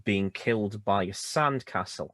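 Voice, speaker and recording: A man with a low voice, recorded dry and close with no room sound. He talks films in a measured, thoughtful way. He takes his time to work through why a scene lands. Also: fairly bright tone, dry recording. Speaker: podcast co-host. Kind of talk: casual chat about films.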